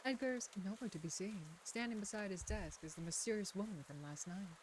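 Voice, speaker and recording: A woman streamer reading a visual novel aloud, narrating and adding playful, excitable asides. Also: medium pitch, brisk, a little hiss or hum. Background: game music.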